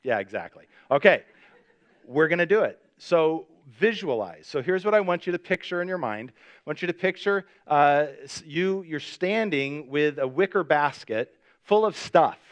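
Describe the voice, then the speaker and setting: Pastor, male, casual and animated sermon delivery with lots of fillers; smooth, resonant tone. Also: fairly high pitch, normal speed. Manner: lively storytelling, voice jumps up when acting out the scene; chatty, with many fillers. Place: church service.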